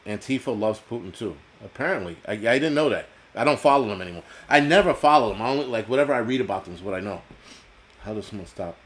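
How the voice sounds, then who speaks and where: Brief: blunt, cursing stream host, middle-pitched, rambling rant. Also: male voice. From United States. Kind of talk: ranting live-stream talk reading chat.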